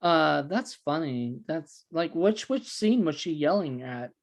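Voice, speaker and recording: A man's voice: fairly high pitch, animated, measured pace. A man co-hosting a podcast, chatting casually with a hesitant, filler-heavy delivery and dry jokes. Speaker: podcast co-host. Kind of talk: casual chat.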